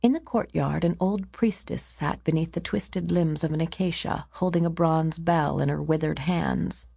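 A woman narrating an audiobook in a measured storytelling manner. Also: low voice, vocal fry, warm tone, husky, no echo.

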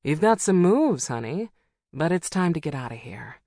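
A woman narrator voicing an icy-eyed older woman who hunts monsters, speaking calm, courteous and dry in an audiobook. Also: sits low, normal speed, dry recording, heavily acted. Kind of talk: audiobook character voice.

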